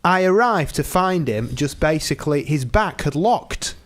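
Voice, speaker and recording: A young man telling anecdotes in casual podcast chat, animated and acting out what people said. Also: on the high side, measured pace. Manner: animated anecdotes with put-on quoted voices. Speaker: podcast co-host.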